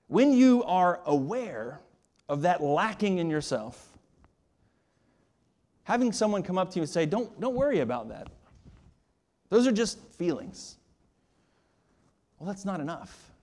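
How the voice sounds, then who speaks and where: A pastor delivers a sermon in a slightly high male voice, pushing his points with rhetorical questions. He often repeats a word as he starts a phrase, and his emphasis swells up and falls back to a hush.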